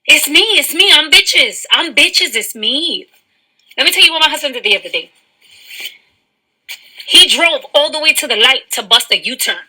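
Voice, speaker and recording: Bright, high, swooping woman ranting bluntly. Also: expressive, moderate pace, pauses often, low-quality recording. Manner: blunt, profane, self-mocking. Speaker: wife telling a story. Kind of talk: casual rant to camera.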